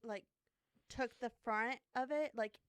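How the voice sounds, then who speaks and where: Woman, podcast co-host, casual storytelling, filler-heavy, smooth voice, dry close sound. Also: on the high side, takes it slowly, no echo. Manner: chatty, self-deprecating, many fillers. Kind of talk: casual true crime storytelling.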